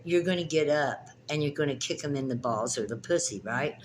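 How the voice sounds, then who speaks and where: A woman's voice: sits low, brisk, hardly any pauses, noisy background. A woman giving a spiritual tarot reading in a vlog, talking in an emphatic, passionate way and often repeating her phrases. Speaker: tarot reader and spiritual teacher.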